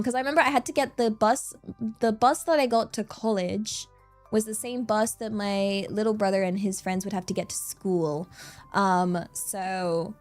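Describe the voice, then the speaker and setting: A young British woman streamer chatting casually with her viewers, bubbly and giggly as she reads out the chat. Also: medium pitch. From Britain.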